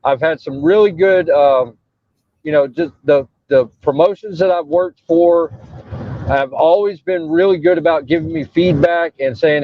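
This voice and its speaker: A man's voice: a little high, measured pace, dry recording, muffled recording. A man, a wrestling referee, talking casually in an interview over a breaking-up mobile call, rambling with lots of fillers and restarts. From Texas. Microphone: phone while traveling.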